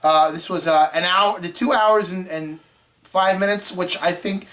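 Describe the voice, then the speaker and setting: Rambling male movie-show host, throat-clearing. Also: high-pitched, steady tone, unhurried, a bit bright. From Florida. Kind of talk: casual chat.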